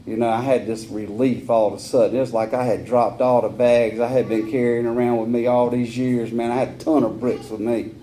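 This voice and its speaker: A man's voice: mid-range voice, fairly even intonation, a little fast, few pauses, mellow. A man telling his personal recovery story at a meeting, in a candid, earthy way. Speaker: AA speaker. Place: meeting hall.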